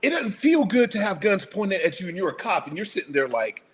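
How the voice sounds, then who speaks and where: Blunt, profane man with a lively voice. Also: sits high, a little fast, husky. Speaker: guest. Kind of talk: casual panel discussion.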